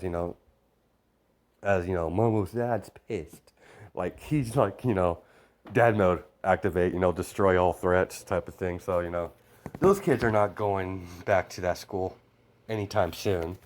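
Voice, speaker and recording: A low-voiced man retells a fan story off the cuff. He rambles, restarts often and leans on "you know" at every turn. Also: measured pace, darkish tone.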